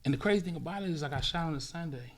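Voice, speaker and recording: A man, a podcast guest, telling a vivid, profane story in casual talk, acting out sounds and swinging between loud bursts and hushed murmurs. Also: a little high, rapid-fire.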